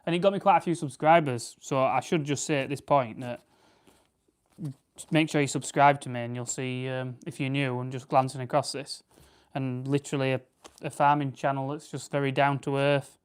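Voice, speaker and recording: A man's voice: mid-range voice, steady tone, normal speed, clear, resonant tone. A man from Barnsley with a Yorkshire accent, chatting casually on a livestream while preparing game birds, rambling and correcting himself as he answers viewers. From Barnsley, England. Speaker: farming channel host.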